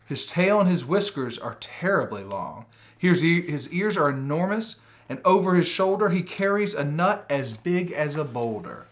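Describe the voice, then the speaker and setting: A man reading a picture book aloud, voicing a bold young girl gruffalo who exclaims in a loud sing-song chant. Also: on the high side, expressive, normal speed, lightly acted. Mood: awed. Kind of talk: storybook read-aloud.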